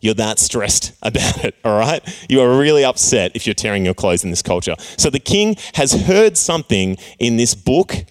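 A man's voice: medium pitch, very animated, normal speed, hardly any pauses. A young man preaching a casual youth sermon, playfully acting out characters and joking with his listeners. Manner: playful, acts out characters with jokey voices. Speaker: youth pastor.

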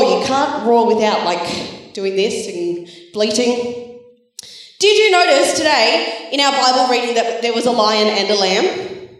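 Woman, children's church leader, slow and encouraging, higher voice, echoey hall, distant mic. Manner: animated, encouraging, storytelling to children. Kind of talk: children's Bible talk.

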